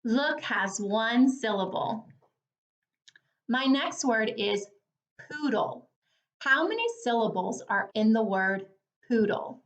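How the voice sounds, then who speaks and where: A woman teacher leading a phonics lesson for young children, speaking slowly and clearly with an encouraging tone. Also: on the high side, lively intonation, lo-fi sound. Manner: slow, clear, encouraging, over-articulated.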